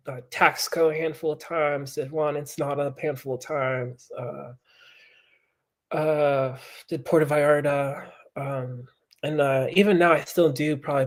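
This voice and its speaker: Fairly high-voiced guy, pro biker, animated storytelling, swears a lot. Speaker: podcast guest, pro mountain biker. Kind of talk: casual storytelling chat.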